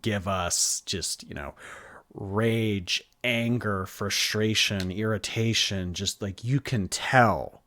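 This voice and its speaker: A man with a fairly low voice gives animated, incredulous reaction commentary as a channel host. His voice sounds dry and close, with no room sound around it. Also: takes it slowly, no room sound. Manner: animated, incredulous, laughs often.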